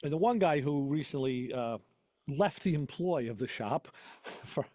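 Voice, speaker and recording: A man's voice: on the high side, expressive, normal speed, warm tone, dry recording, clean studio sound. A man hosting a casual talk show, a mechanic who tells rambling shop stories with frequent laughs. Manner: rambling storyteller, laughs often. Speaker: podcast host and auto mechanic. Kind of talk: casual chat.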